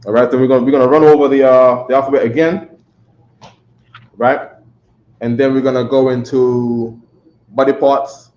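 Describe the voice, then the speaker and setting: Flat in delivery and darkish in tone, this mid-range male voice moves at a moderate pace with many pauses. He's a New York-accented teacher giving a loose, repetitive classroom lecture, often checking with "right?" Sound is dull and lo-fi in an echoey room.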